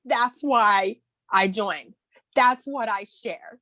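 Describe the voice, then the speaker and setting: A woman's voice: mid-range voice, slow, sharp tone, no echo. A woman in her thirties co-hosting a morning video call, speaking candidly and emotionally with emphatic bursts and restarts. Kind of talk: casual motivational chat.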